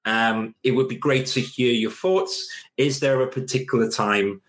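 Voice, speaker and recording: A young man co-hosting a casual chat show, giving career advice and acting out little scenes in a raised voice. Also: measured pace. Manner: animated, acts out little scenes in a higher voice.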